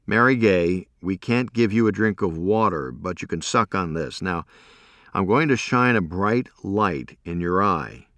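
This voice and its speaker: A man reading an audiobook, voicing a weary, brisk male trauma doctor who talks in clipped, absent-minded bursts. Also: deep voice, expressive, fairly bright tone, no echo, heavily acted. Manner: brusque and clipped, muttering absently.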